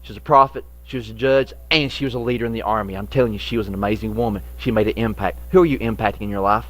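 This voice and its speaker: A man's voice: on the low side, fairly even intonation, racing. A man preaching a sermon as a pastor, telling a childhood story and acting out the voices in it. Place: church sanctuary.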